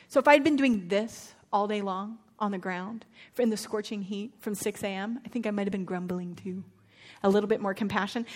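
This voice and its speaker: A woman preaching a sermon on a parable, retelling it in a conversational, animated way with casual slang. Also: mid-range voice.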